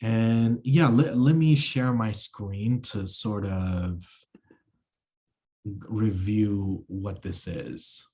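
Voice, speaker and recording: Slow, dark-voiced male acting teacher. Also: fairly low pitch. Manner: halting, many fillers and restarts. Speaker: acting instructor. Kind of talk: online lecture with screen share.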